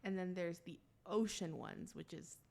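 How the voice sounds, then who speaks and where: A woman's voice: on the low side, measured pace, creaky, darkish tone. A woman co-hosting a podcast in casual chat, explaining things in lists and laughing easily. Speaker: podcast co-host.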